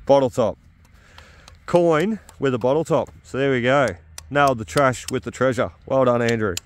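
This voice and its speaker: A cheerful Australian man of middle age chats away outdoors about his finds. His voice sits at an ordinary pitch, and he talks with an easy, enthusiastic manner, often pausing on a quick 'uh'. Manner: upbeat and chatty, with frequent 'uh' fillers. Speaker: metal detecting vlogger. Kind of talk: casual outdoor commentary. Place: outdoors at an old house site.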